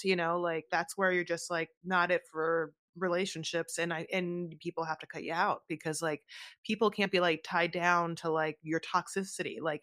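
A woman co-hosting a podcast, recapping a reality show in casual chat, animated and blunt, with lots of fillers and swearing. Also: lowish voice, no echo, studio quality. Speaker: podcast co-host.

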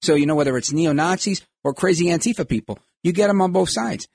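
A man's voice: a little high, fast, vocal fry, a little mellow, slightly rough, dry recording, clean studio sound. A man hosting a podcast, giving emphatic political commentary and acting out quoted voices. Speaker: podcast host.

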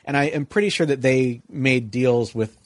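At a normal speed, a middle-aged man tells a meandering tale in relaxed conversation, full of filler like "like" and "you know," switching to high mocking voices when he quotes others. The recording is dry and studio quality.

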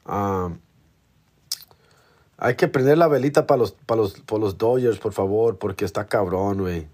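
A man's voice: lowish voice, normal speed, darkish tone. A man, hosting a comedy podcast in a laid-back, slangy, profane monologue.

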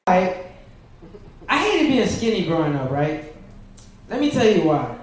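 A man with a high, very lively voice tells an animated stand-up story and acts out other people's lines. His voice rings in a very echoey club room. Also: measured pace. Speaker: stand-up comic. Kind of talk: stand-up routine.

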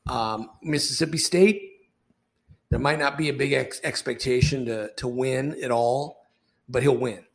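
A man's voice: mid-range voice, a little slow. An older man co-hosting a sports podcast, telling easygoing anecdotes in casual chat.

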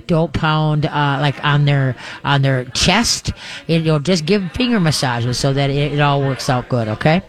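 A man's voice: on the high side, a little slow. Folksy radio host man. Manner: folksy, rambling, with playful voices for dogs and owners. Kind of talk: live call-in radio chat. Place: live broadcast at a pet store.

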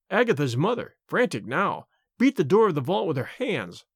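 Expressive male storyteller, dry sound. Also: a little high, moderate pace, vocal fry, hardly any pauses, slightly rough, no echo. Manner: expressive, varied. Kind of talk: dramatic story reading.

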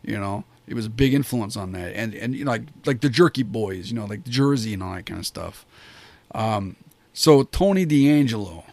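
A man's voice: lowish voice, animated, normal speed, darkish tone, dry recording. Rambling, enthusiastic man reviewing wrestling. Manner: rambling, enthusiastic, many fillers and restarts. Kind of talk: casual spoken review.

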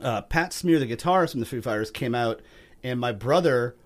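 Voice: medium pitch, expressive, brisk. A podcast host in casual chat, laughing along with the guest and telling an anecdote of his own.

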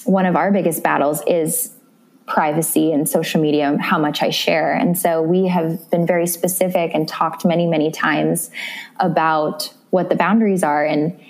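A young woman talks as an interview guest, chatty and bubbly in a lower register. When she quotes someone she jumps high in pitch, then settles back into easy conversation. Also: steady tone, normal speed. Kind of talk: casual interview chat.

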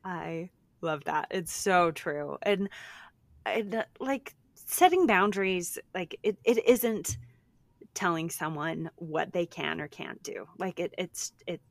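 A woman in her thirties co-hosting a podcast, chatting in a lively way, quick with restarts, a mother talking about her kids. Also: lowish voice, vocal fry, no room sound. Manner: animated, talks fast with restarts. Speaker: podcast co-host. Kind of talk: casual chat.

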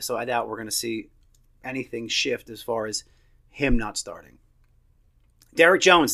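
A man in his thirties talks through a soccer match on his own, blunt and opinionated. He swears casually and sounds like he is chatting from the couch. His pitch sits in the ordinary middle range for a man. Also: gravelly, bright, forceful tone. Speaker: soccer podcast host. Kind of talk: casual solo match review.

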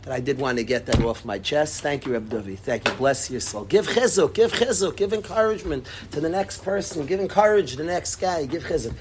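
A man teaching a religious class in an impassioned, emphatic way, repeating his points and swinging between loud and hushed. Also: on the high side, animated, fairly quick, hardly any pauses, noisy background. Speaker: Torah teacher.

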